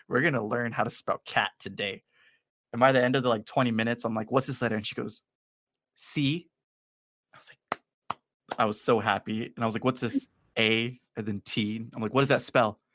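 A man's voice: medium pitch, bright, forceful tone, no echo. A young man co-hosting a podcast, telling a story in casual chat and acting out both sides of the dialogue. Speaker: podcast co-host.

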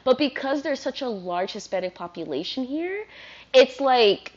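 Woman vlogger, fairly high voice, rambling casual rant, dull lo-fi sound. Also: moderate pace. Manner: rambling, animated, heavy use of "like". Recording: dull lo-fi recording.

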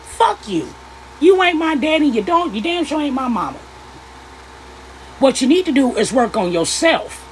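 A woman's voice: high-pitched, very animated, normal speed, pauses often, a little hiss or hum, rough recording. A young adult woman delivering a heated, profane opinion rant to camera, blunt and confrontational and plainly upset. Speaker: vlogger.

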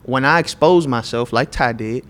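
A man's voice: medium pitch, normal speed, fairly bright tone. A man co-hosting a faith podcast, speaking in an emphatic, preachy way and often checking in with "right?". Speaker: podcast co-host.

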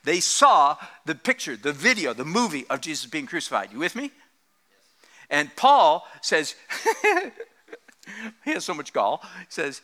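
Animated, joking man preaching. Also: high-pitched, a little slow, pauses often. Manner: animated, joking, laughs often. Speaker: pastor. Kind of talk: sermon.

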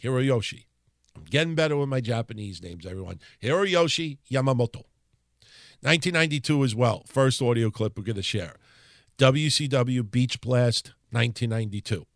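A man's voice: mid-range voice, expressive, moderate pace, no room sound, clean studio sound. A man with a New York accent, hosting a podcast and casually recounting wrestling history in a rambling, profane way. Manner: conversational, profane, rambling with restarts. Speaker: podcast host.

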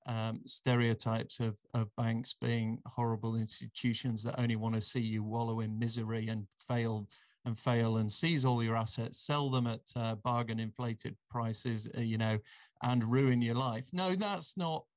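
A man's voice: medium pitch, fairly even intonation, unhurried. A man hosting a podcast in a rambling, casual way, full of ums and uhs. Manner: rambling, hesitant, with many fillers. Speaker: podcast host. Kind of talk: casual chat.

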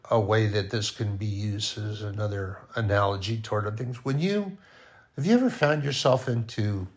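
A man giving an informal, conversational sermon, often dropping to a quiet voice. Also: fairly low pitch. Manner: conversational, with sudden soft drops to near-quiet. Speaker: preacher.

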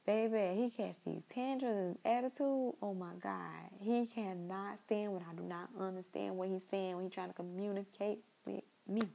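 Young woman, casual monologue, mellow dark tone, rambling, talks straight to listeners. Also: mid-range voice, fairly even intonation, moderate pace, vocal fry, few pauses, slight background noise, rough recording. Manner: chatty and rambling, with repeated asides to listeners.

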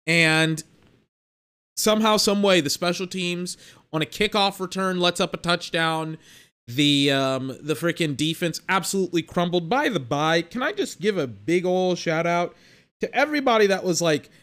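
A young man hosts his sports podcast alone, ranting bluntly and casually with plenty of slang. His voice sits a little higher than most men's, and he sounds exasperated and animated. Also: moderate pace, smooth. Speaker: podcast host.

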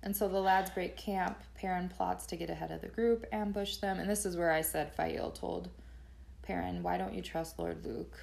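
A woman with a gravelly, fry-tinged voice, pitched a little low, talking through a book recap. She chats casually as a podcast co-host and drops dry jokes as she goes. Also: steady tone, normal speed, a little mellow. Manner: chatty, laughing, dry asides.

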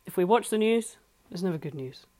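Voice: medium pitch, lively intonation, brisk, warm tone. A life coach giving earnest, conversational advice from home, repeating points for emphasis. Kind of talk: solo advice talk. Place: home flat.

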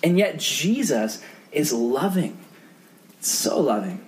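Young male youth pastor, chatty storyteller, swinging pitch. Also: big pitch swings, takes it slowly, a little mellow. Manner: casual, storytelling, lots of fillers. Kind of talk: youth sermon.

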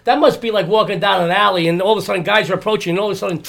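A man's voice: sits high, steady tone, racing, vocal fry, fairly bright tone. A man hosting a casual interview, joking and laughing easily. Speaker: podcast host.

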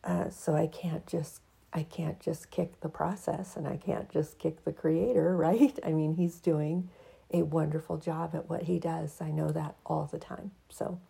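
A woman talking in a soft, heartfelt way about her life and faith, then reading her own writing aloud. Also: low-pitched, steady tone, measured pace, vocal fry, breathy edge. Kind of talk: personal reflective monologue with reading.

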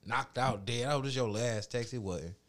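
A man telling a long profane story in casual chat, animated and mimicking other people's voices. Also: medium pitch, moderate pace.

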